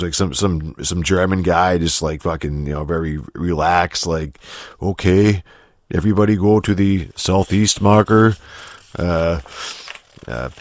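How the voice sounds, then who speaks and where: Deep-voiced man rambling with heavy profanity. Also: dry recording, clean studio sound. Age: adult, getting older. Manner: profane, rambling, many restarts and fillers. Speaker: podcast host. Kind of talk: casual rambling podcast chat.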